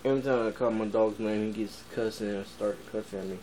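A man's voice: on the low side, steady tone, fast, darkish tone, a little hiss or hum, low-quality recording. A man in his twenties, rambling casually in a vlog and laughing often. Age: 20s. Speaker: vlogger.

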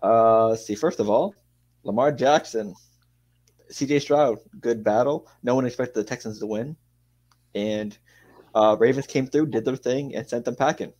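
A man's voice: mid-range voice, moderate pace, darkish tone, poor audio. Easygoing young man co-hosting. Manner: easygoing, drops "hey" and "um" often. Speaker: podcast co-host. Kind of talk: casual sports chat.

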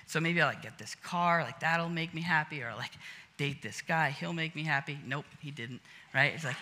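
A pastor, a man, delivers a conversational sermon, full of fillers and little acted-out scenes. His voice sits high and sounds strikingly bright. A long reverb trails behind him in the church auditorium. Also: lively intonation, normal speed, a little hiss or hum. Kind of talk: casual sermon.

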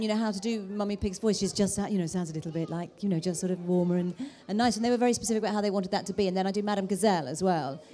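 Quick-talking woman answering in an interview. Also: fairly high pitch, darkish tone. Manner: rambling, hesitant restarts. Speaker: voice actor.

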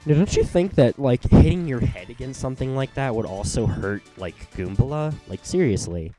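A man's voice: medium pitch, expressive, moderate pace, hardly any pauses, dark tone. A young man casually commenting on a video game he is playing, rambling with lots of fillers and reading the on-screen text aloud. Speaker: let's play host. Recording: faint game music behind.

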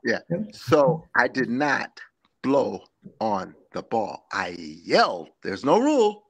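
A man's voice: medium pitch, big pitch swings, slow pace. An older man, a former ballplayer, telling rambling anecdotes in a live video interview, acting out the voices of people in his stories and laughing often. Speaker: former baseball player, guest. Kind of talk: animated storytelling in a live interview.

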